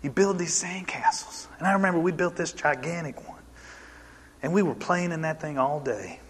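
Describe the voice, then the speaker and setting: A man in his forties preaches with a bright, forceful, fairly high voice. He tells a story in an animated way and puts questions to the congregation. A long reverb from a large church hall trails each phrase. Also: moderate pace, slight background noise. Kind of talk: sermon.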